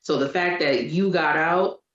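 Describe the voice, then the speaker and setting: Low-voiced woman telling a candid story. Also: measured pace. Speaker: podcast co-host and parent. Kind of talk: casual chat. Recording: echoey room, dull lo-fi sound.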